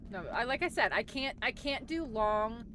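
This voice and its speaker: A woman's voice: on the high side, animated, normal speed, sharp tone, slight background noise. Giggly woman. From New Zealand. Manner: giggly, rambling, self-deprecating. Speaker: streamer. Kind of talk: casual gaming stream chat.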